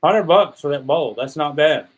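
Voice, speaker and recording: Man giving quick agreeable chat. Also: on the high side. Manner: brief, agreeable interjections. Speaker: co-host. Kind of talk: casual live-stream chat.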